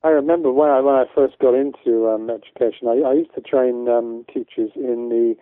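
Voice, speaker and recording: A man's voice: medium pitch, fairly even intonation, brisk, no echo. A man from the UK, a guest educator in a casual interview, talking in a rambling way with many restarts. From United Kingdom. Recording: tinny phone-line audio, dry.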